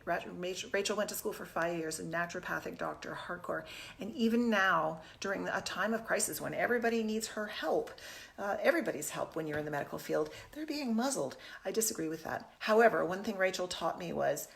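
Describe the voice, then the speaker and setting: A woman in her fifties, whose voice is on the low side yet a bit bright, hosts a casual live stream from her home kitchen using a phone camera. She's a fitness host, chatty and upbeat, greeting viewers as she talks.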